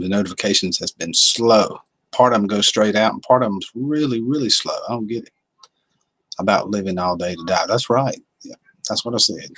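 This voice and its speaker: A man's voice: fairly low pitch, a bit bright, slightly rough, no room sound, low-quality recording. A man, hosting a casual livestream and reading out and answering viewer comments in a folksy way. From Southern United States. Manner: folksy, reads chat comments aloud. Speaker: livestream host.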